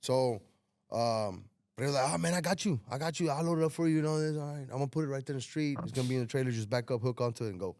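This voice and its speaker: Animated man telling a story. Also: mid-range voice, very fast, no room sound. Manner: animated storyteller, acts out quoted dialogue, swears freely. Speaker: podcast host telling a story. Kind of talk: casual storytelling chat.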